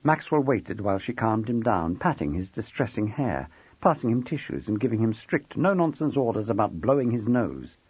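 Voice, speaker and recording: A man reading a novel aloud as an expressive, wry audiobook narrator. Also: on the low side, normal speed, husky, no echo, muffled recording.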